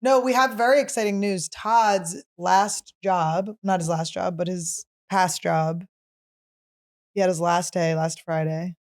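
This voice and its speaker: A woman's voice: fairly low pitch, fairly even intonation, a little slow. A woman comedian in her thirties hosting a podcast, chatting casually and teasing her partner, laughing often. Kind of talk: casual chat.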